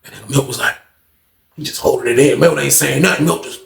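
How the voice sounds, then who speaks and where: A man casually telling a story in a profane, animated way, laughing often. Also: medium pitch, brisk, gravelly, echoey room.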